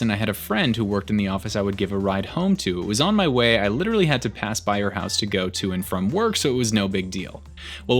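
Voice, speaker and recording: Expressive male story reader. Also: lowish voice. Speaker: story narrator. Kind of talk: reading online posts aloud.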